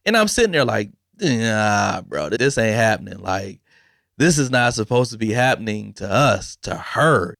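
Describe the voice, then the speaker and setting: Man, podcast host, gravelly voice, casual emotional reflection, dry close sound. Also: on the low side, a bit bright, dry recording. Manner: candid, emotional, casual slang like "bro" and "man". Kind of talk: personal reflective talk.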